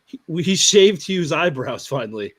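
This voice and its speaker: A man's voice: a little high, expressive, normal speed, a bit bright. A young man co-hosting a podcast, joking and cutting in during casual chat. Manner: joking, interrupting.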